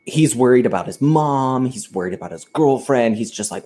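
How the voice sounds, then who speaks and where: A man's voice: mid-range voice, animated, moderate pace, few pauses, warm tone. A man co-hosting a podcast, casually retelling a story and acting out the quoted lines with plenty of swearing. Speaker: podcast co-host.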